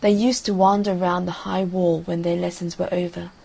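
A woman narrating a fairy tale audiobook in a calm, measured storytelling manner. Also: fairly low pitch, gravelly, husky, poor audio.

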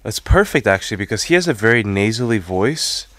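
A man's voice: lowish voice, animated, brisk, a bit bright. A man co-hosting a show, chatting in playful casual banter. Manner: playful, says "bro". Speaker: podcast co-host.

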